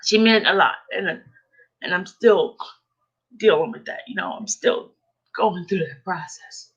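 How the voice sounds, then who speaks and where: A woman's voice: lowish voice, creaky, a bit bright, husky, muffled recording. Tearful woman talking to viewers. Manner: tearful, halting, repeats herself. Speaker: vlogger hosting a live stream. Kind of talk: emotional live-stream talk to viewers.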